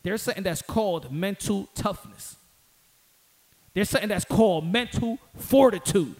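A man with a high-pitched voice riffs on boxing in casual solo commentary. He talks in slang, repeats lines for emphasis and heats up into loud outbursts. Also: animated, moderate pace.

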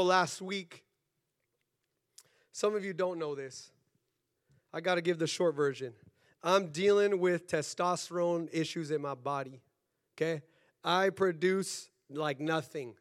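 A man preaching a sermon in a church, fervent and earnest, often repeating his phrases. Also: a little high. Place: church sanctuary.

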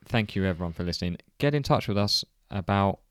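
A man's voice: lowish voice, animated, fast, no echo, studio quality. A man co-hosting a podcast, speaking earnestly with many hesitations. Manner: hesitant, full of fillers and restarts, earnest. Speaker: podcast co-host. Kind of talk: casual podcast chat.

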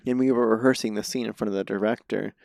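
A man's voice: on the low side, steady tone, quick pace, creaky, darkish tone, no room sound. A man, an actor and comedian, telling stories as a guest in a casual interview, rambling and self-deprecating, often laughing.

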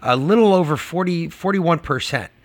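A man's voice: fairly high pitch, lively intonation, moderate pace. A male podcast co-host ranting casually and profanely about prices and taxes. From Georgia. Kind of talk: casual political chat.

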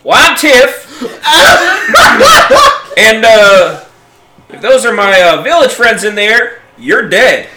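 A brash man plays a tabletop game in a high, lively, bright voice. He is set back from the mic. The room carries a noticeable echo. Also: takes it slowly, long pauses, heavy background noise. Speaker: player. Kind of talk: tabletop role-play chat. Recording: echoey room, distant mic.

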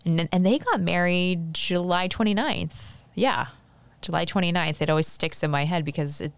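A woman's voice: on the low side, moderate pace, gravelly, clear, resonant tone, dry recording. A young adult woman hosting a podcast, chatting casually and rambling with lots of fillers. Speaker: podcast host. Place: Fresno, California.

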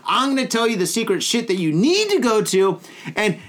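High-voiced American man, lively and profane. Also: brisk. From United States. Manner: profane, rambling storyteller. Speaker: podcast co-host. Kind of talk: casual podcast banter.

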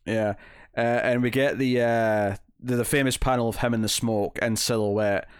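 A man's voice: mid-range voice, fairly even intonation, normal speed, clean tone, no echo, clean studio sound. Rambling man talking comics. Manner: rambling, many fillers and restarts, acts out quotes. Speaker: podcast co-host. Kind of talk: casual comic book discussion.

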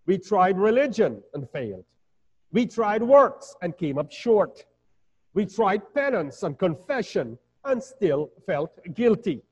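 Male pastor, slightly high voice, lively measured preaching; dull, reverberant hall recording. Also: slightly rough. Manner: measured preaching with rising emphatic peaks. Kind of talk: sermon.

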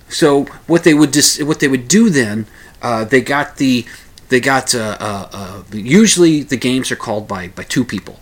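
A man's voice: medium pitch, lively intonation, normal speed, a bit bright. Rambling man talking casually. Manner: rambling, many restarts, chuckles. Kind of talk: casual monologue.

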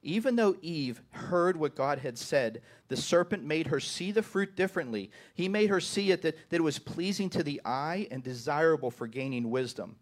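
Man preaching a sermon, slightly high voice, repeats words, asks "right?". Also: animated, moderate pace, hardly any pauses. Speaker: pastor.

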